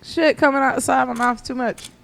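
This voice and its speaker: A woman chatting as a podcast guest, telling stories in an animated, profane way. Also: high voice, normal speed, creaky. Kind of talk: casual chat.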